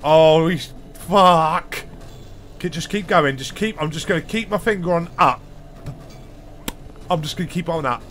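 Faint game music and a little hiss or hum accompany a gaming host with a fairly high voice who speaks unhurriedly and pauses often. He plays a horror game with panicky, foul-mouthed commentary, jumping and gasping as he goes.

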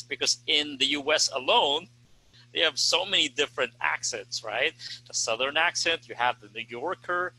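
Guy cohosting a teacher panel, super bright forceful voice, earnest and steady. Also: mid-range voice, rough recording. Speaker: co-host and English teacher. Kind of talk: casual panel discussion.

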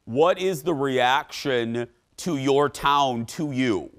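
A man hosting a talk show, who introduces segments in a quick, upbeat way and chats casually with a guest. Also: medium pitch. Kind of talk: casual chat.

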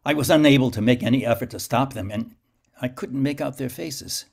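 A man with a gravelly, husky voice, reading his own novel as an intense first-person audiobook narration. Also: mid-range voice, fairly quick.

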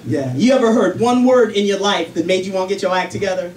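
This stand-up talks fast in a high voice, chatting animatedly about parenting and acting out voices. A distant mic in a roomy club catches him along with the crowd noise.

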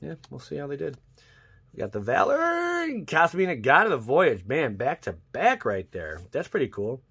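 Excitable husky young man opening card packs. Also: on the high side, normal speed. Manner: excitable, bursts into loud yelps and cheers over good pulls. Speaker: YouTube channel host. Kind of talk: casual card-pack opening commentary.

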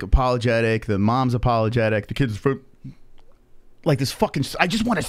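Young NY guy, host, rowdy storyteller, pitched a bit high. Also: no room sound. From New York. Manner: animated, profane, acts out quoted voices. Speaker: podcast host. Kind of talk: casual storytelling on a live stream.

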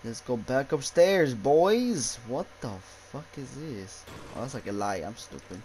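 A man's voice: mid-range voice, sing-song, a little slow, a little mellow, a little hiss or hum, rough recording. A young man giving frightened, swearing commentary while playing a horror game, yelping at scares and muttering nervously to himself. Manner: jumpy, swearing, yelps and exclaims. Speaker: gaming YouTuber.

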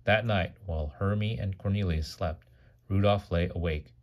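A man reads a children's picture book aloud at bedtime in a deep, low voice. He is animated and stops now and then to gasp and comment. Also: moderate pace, lo-fi sound. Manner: animated, gasps and comments mid-story. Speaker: parent reading to a child. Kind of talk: bedtime storybook reading.

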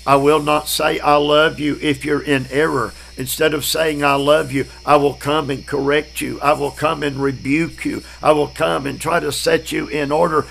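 A man, preaching a Bible study class in a slow, emphatic way, repeating key words. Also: on the high side, creaky, a bit bright, a little hiss or hum, rough recording. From Southern United States.

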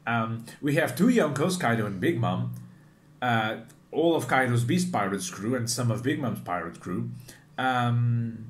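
A man hosting a casual reaction video, talking in a chatty, animated way and often restarting his sentences. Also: mid-range voice, a little slow. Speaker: manga reaction video host. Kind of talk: casual commentary.

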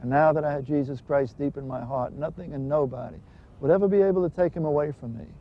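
Earnest man, slightly high voice, dull lo-fi sound. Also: fast talker. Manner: earnest, emphatic retelling. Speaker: speaker giving a personal testimony. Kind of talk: personal testimony storytelling. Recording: dull lo-fi recording with faint hiss.

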